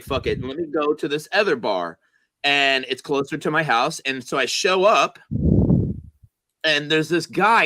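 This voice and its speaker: A man's voice: on the high side, no echo, poor audio. A man casually telling a long, rambling, profane story to friends on a comedy chat show. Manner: rambling, profane, animated retelling.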